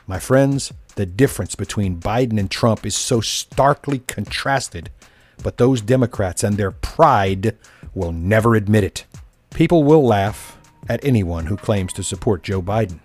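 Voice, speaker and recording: A man's voice: medium pitch, darkish tone, breathy edge. A man delivering a scripted political monologue as a commentator, sarcastic and cutting, stacking long punchy lists of insults and grievances.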